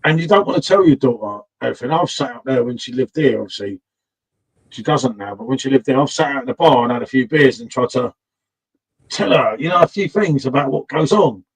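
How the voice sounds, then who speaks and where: A man's voice: medium pitch, expressive, a little fast, slightly rough, rough recording. A man hosting a casual pub chat stream, telling blunt, sweary stories and repeating himself when worked up.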